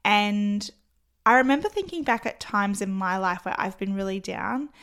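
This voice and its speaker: A woman hosts her own podcast in a loose, chatty solo talk. Her voice is croaky and a little rough from losing it recently. She speaks openly, with casual fillers. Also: medium pitch, animated, normal speed, a bit bright. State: hoarse after losing her voice. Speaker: podcast host.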